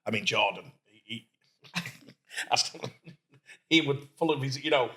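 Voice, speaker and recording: A man from Doncaster with a Yorkshire accent, a guest entrepreneur telling lively stories in a casual interview and acting out what people said. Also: medium pitch, measured pace. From Doncaster, England. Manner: lively storyteller who acts out quoted speech.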